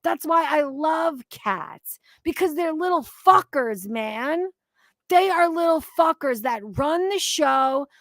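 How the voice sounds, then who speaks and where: A woman's voice: high voice, animated, takes it slowly, fairly bright tone, no echo, studio quality. A woman hosting a casual livestream, talking in an emphatic, profane, rambling way about online drama. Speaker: livestream commentary host.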